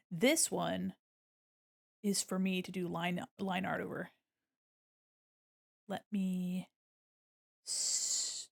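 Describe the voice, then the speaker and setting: A woman streamer with a mid-range voice and vocal fry chats casually with her viewers while drawing on a livestream. She talks herself through each step, cracking silly jokes and bursting into laughter.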